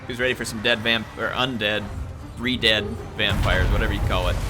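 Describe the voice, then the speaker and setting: A man commentating his own strategy game play in a chatty, excitable way, cheering at big moments. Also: on the low side, brisk. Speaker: gameplay commentator. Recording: game music behind the voice.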